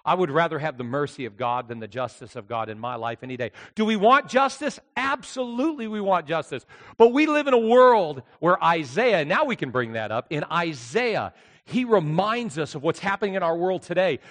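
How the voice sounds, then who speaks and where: Man, pastor, high voice, emphatic preaching, long hall reverb. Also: animated, moderate pace. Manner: emphatic preaching with sudden loud and soft swings. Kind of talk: sermon.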